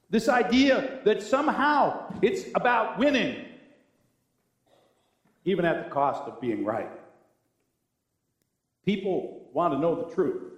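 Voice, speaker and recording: An older male pastor preaches in a relaxed, chatty way, slipping into wry sarcasm. His fairly high voice leaps up and down with lively emphasis. The sound carries the roomy echo of a church sanctuary. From American South. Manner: conversational, wry and sarcastic, with animated swings of pitch. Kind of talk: sermon.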